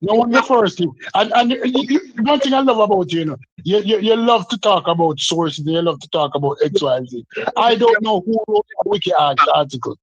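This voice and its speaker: A man's voice: high-pitched, expressive, fairly quick, few pauses, dry recording, highs cut off. A man in a heated podcast debate who talks over others and keeps repeating himself to hold the floor. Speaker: podcast guest.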